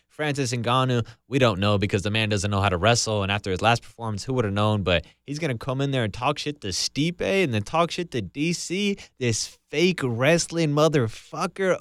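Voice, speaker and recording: A man's voice: medium pitch, fairly bright tone, clean tone, no echo. Brief: male podcast host, ranting and swearing, dry close recording. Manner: heated, ranting, heavy swearing. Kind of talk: profane casual commentary.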